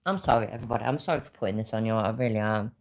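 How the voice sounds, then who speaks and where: A woman's voice: extremely low pitch, very fast, gravelly. A woman hosting a livestream, ranting angrily with a lot of swearing about being scammed. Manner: angry, swearing, vexed. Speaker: livestream host. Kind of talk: casual livestream rant.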